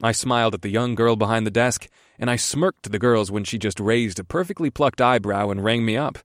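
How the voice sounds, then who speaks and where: A man's voice: on the low side, a little fast, dry recording, clean studio sound. A man narrating a first-person audiobook in an amused storytelling manner.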